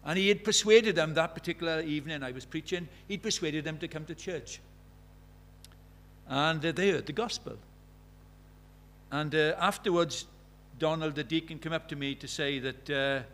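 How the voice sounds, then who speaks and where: A man's voice: on the high side, a bit bright. Earnest male preacher, probing questions. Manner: earnest, questioning, retells conversations in quoted dialogue. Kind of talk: sermon.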